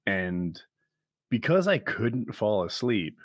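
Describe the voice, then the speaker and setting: A man co-hosting a podcast, telling stories in a calm, detailed way during casual chat. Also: on the low side, slow pace, no echo, clean studio sound. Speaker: podcast co-host.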